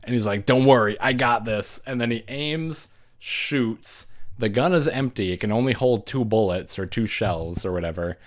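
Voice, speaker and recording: A man casually recapping a horror movie, animated, acting out the characters and laughing as he goes. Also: on the low side, normal speed. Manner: animated retelling, acts out characters, laughs often. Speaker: movie reviewer.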